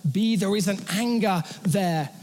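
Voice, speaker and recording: A man's voice: high voice, measured pace, darkish tone. A man preaching a sermon as a pastor, conversational and joking with the congregation. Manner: conversational, with humorous asides to the congregation. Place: church hall. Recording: long hall reverb.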